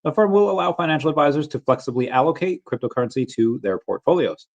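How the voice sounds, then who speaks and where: A man's voice: a little high, animated, quick pace, creaky, darkish tone, highs cut off. A man hosting a casual livestream, reading headlines aloud and greeting chat viewers, often restarting his words. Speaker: livestream host.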